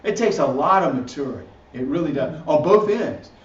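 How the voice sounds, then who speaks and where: In a recorded church teaching session, a man with a fairly high, lively-sounding voice speaks briskly, repeating himself casually, restarting phrases, and tagging his points with "right?". The recording is lo-fi, dull, distant, and roomy.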